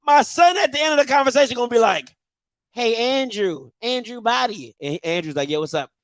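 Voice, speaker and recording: A middle-aged man from Maryland hosting a football show, telling a story in a loud, excitable, slangy way with bursts of outrage. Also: extremely high pitch, fairly quick, no echo. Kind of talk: casual storytelling monologue.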